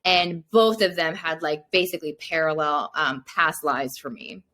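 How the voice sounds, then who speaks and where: A woman's voice: low-pitched, moderate pace. A young woman, a mindset coach guesting on a podcast, telling a personal story casually and peppering it with "like". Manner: chatty, many "like" fillers, animated retelling.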